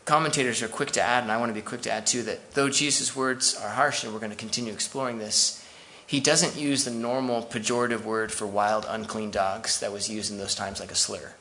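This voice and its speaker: A male pastor delivering a sermon in a conversational way, dropping asides to his church as he goes. His voice is gravelly with a bright, forceful edge. A faint noise sits under the recording. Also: on the low side, steady tone, brisk, few pauses.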